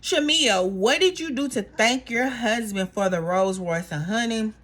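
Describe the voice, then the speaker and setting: A woman casually recapping a reality show in a gossipy, animated way, acting out the cast members' lines. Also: a little high, measured pace.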